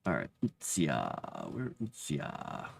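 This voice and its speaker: A man's voice: very deep voice, huge pitch swings, slow, vocal fry, noisy background. A man streaming live as he writes fantasy lore, chatting casually and rambling, and reading his drafts aloud under his breath.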